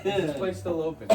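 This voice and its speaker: A man's voice: high voice, heavy background noise. A man chatting casually and joking at a gathering with drinks. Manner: joking, laughing. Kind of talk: casual chat. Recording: roomy, distant, loud music.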